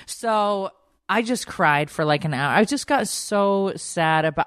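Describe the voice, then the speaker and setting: A woman's voice: on the low side, lively intonation, unhurried, clear, resonant tone, no echo, studio quality. A woman in her thirties hosting a casual chat show, talking candidly and rambling, with plenty of swearing and filler words. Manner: candid, rambling, swears freely, heavy use of "like". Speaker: podcast host.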